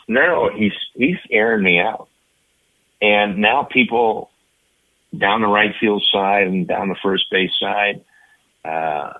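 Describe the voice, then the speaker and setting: A man in his seventies, a retired ballplayer, telling anecdotes in an interview with lively, animated delivery. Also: lowish voice, phone-quality sound. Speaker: interview guest, retired baseball player. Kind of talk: storytelling interview.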